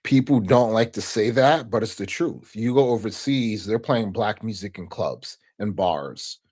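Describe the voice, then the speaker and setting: A man with a fairly low voice talks as a guest on a podcast interview. He reflects on his life in an earnest, unhurried way and often checks in with a quick "right?" at the end of a point. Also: a little mellow, breathy edge. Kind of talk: casual interview conversation.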